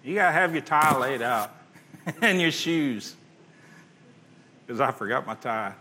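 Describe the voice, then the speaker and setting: A man preaching a sermon, swinging between loud emphasis and hushed, quiet passages, reading scripture aloud in old-fashioned wording. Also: medium pitch, expressive, measured pace. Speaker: pastor.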